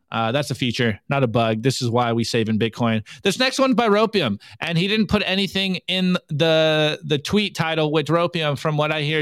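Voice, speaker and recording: A man hosting a casual livestream, reading memes aloud and tossing in quick asides. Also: mid-range voice, fairly bright tone, clear, resonant tone, dry recording. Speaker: show host.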